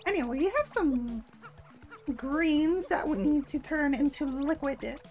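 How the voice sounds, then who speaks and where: Playful woman streamer, high voice, swears freely, casual gameplay chat. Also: lively intonation, unhurried, a little mellow, soft background music. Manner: playful, swears, laughs often.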